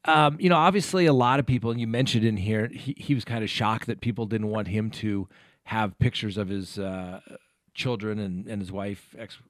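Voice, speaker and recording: A trial attorney hosts an interview in a casual, conversational style, frequently repeating words while he gathers his thoughts. His voice is fairly low and his pace normal, and the recording is dry and close.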